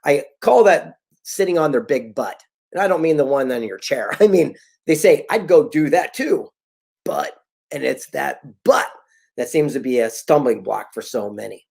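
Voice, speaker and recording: Middle-aged male motivational speaker, husky, very animated delivery, storyteller. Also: medium pitch, moderate pace. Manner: animated storyteller, acts out quoted dialogue. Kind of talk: motivational talk.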